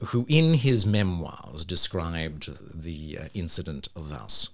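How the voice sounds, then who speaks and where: Man, deep-ish voice, very expressive, casual storytelling, wry humor. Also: slow, few pauses. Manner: animated storyteller with wry asides. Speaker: podcast co-host.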